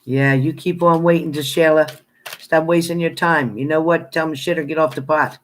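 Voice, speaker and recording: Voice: medium pitch, fairly even intonation, moderate pace. A tarot reader hosting a casual live stream, chatting with viewers and greeting them by name in a blunt, playful way with frequent laughter. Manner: laughs often, playful banter; blunt, straight-talking.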